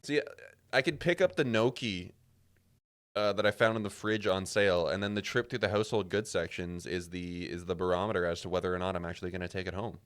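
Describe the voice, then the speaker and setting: A man's voice: deep voice, a little fast, smooth. A man from Canada streaming a puzzle game, rambling and joking with casual swearing as he plays. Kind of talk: casual gameplay commentary.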